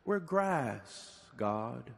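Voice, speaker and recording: A middle-aged man preaching a sermon framed as a prayer to God, with slow deliberate pauses and rising questions. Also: mid-range voice, very animated, vocal fry, in a large hall.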